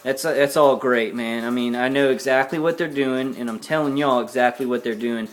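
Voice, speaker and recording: A man's voice: mid-range voice, moderate pace. A worn-out man ranting angrily to camera in a vlog, repeating himself and cussing. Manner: agitated, repetitive, cussing, ranting. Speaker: vlogger. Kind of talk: angry personal rant to camera.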